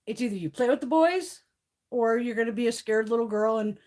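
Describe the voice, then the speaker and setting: A woman in her fifties chatting casually on a live stream, blunt, profane and animated. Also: on the high side, brisk. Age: 50s. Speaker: beauty livestream host.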